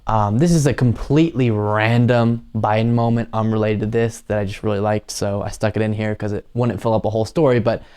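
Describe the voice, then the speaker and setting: A man's voice: on the low side, fairly even intonation, fairly quick, few pauses, a little mellow, smooth. Opinionated man hosting political commentary. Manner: conversational, opinionated, frequent um fillers. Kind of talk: casual commentary on news clips.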